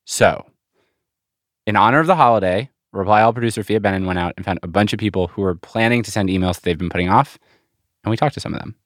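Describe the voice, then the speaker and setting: A man's voice: on the low side, quick pace, no echo, studio quality. A man hosting a podcast, chatting casually with wry, playful banter. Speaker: podcast host. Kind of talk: casual chat.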